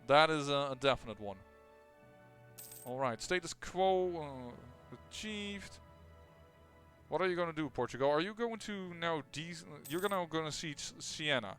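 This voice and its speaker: A man's voice: a little high, lively intonation, unhurried, a bit bright, faint music behind. A man casually commenting on his own strategy game as he plays, thinking aloud with lots of fillers and restarts. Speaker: gameplay commentator.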